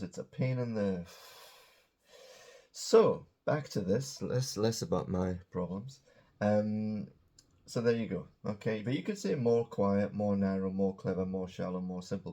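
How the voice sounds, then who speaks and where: Low gravelly-voiced male English teacher. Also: mellow. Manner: chatty, joking asides, slow drawn-out example words. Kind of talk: casual grammar lesson to camera. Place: indoors beside a small whiteboard.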